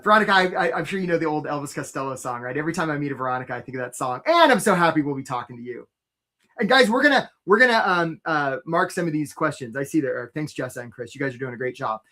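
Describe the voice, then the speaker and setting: Coaching job seekers live, this upbeat webinar host keeps the chatter going, welcoming viewers by name and asking "right?" again and again in his energetic pitch. His voice is a little high and a bit bright.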